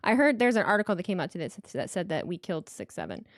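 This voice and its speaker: A woman's voice: on the low side, lively intonation, fast talker, no echo. Rambling apologetic woman streamer, dry sound. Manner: apologetic, trips over her words, swears casually. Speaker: streamer hosting a wrestling watch party. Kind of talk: casual live-stream chat, reading super chats.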